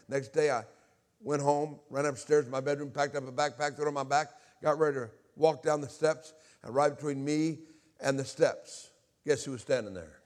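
A man's voice: mid-range voice, normal speed, darkish tone. A man from Alabama, preaching a testimony sermon and acting out the dialogue as he tells his story. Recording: reverberant hall.

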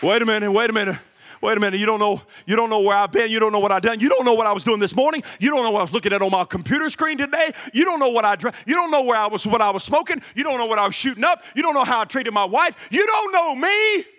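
Bright-voiced man preaching a sermon. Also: in a large hall. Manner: preaching with sudden shouted emphasis and quick drops to low, quiet asides. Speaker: guest pastor. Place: church service.

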